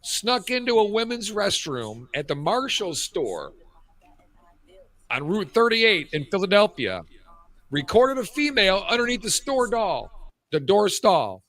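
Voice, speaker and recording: This radio co-host, a man in his fifties, speaks in a high-pitched voice at a relaxed pace. He's spinning crude, lively anecdotes in loose conversation, picked up through a cheap headset.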